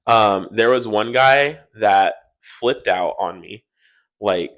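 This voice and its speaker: A man's voice: lowish voice, slow, fairly bright tone. A young man co-hosting a casual podcast, rambling through work stories and acting out what people said. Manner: rambling storyteller, acts out quotes. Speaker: podcast co-host. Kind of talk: casual chat.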